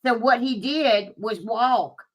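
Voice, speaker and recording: A woman telling a story to her viewers in a casual, animated way, swearing freely and laughing at herself. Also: a little high, takes it slowly. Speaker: streamer talking to live chat.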